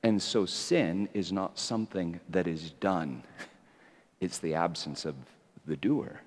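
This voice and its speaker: A male preacher giving a sermon, moving from quiet reflection into fervent, rising exhortation, in an echoey hall. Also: sits low, slow pace.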